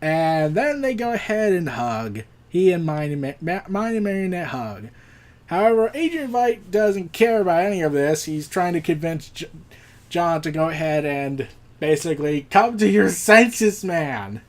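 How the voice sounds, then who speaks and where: A man's voice: a little high, animated, moderate pace, a little mellow. A man casually recapping a comic book issue, rambling with restarts. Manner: rambling, with restarts and acted quotes.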